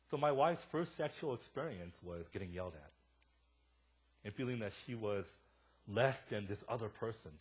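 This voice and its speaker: A young man delivers a church sermon in a loose, conversational way, cracking jokes and acting out stories. His voice is a little husky and sits at an ordinary pitch. It drops to near-mumbled asides, then climbs into loud, excited stretches. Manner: casual, joking storyteller with a wide swing in loudness. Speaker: pastor. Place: church sanctuary.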